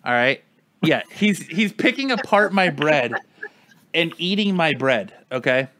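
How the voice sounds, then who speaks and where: A man's voice: fairly high pitch, very animated, a little slow, pushed and bright, slight background noise. A man in casual chat with friends, telling a long story in a rambling way, full of "like" and acted-out quotes.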